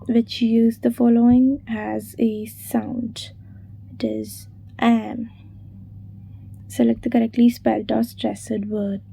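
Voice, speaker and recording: A woman reads exam revision questions and their answers in an unhurried, steady delivery. Her voice sits a little high but sounds mellow and soft. She spells key words out letter by letter. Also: creaky, breathy edge. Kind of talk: reading quiz questions and answers.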